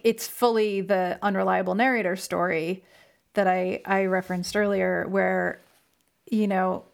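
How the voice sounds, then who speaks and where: Woman with a gravelly, creaky voice. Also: mid-range voice. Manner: chatty, many fillers, reads a passage aloud slowly. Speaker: podcast co-host. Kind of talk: casual film discussion podcast.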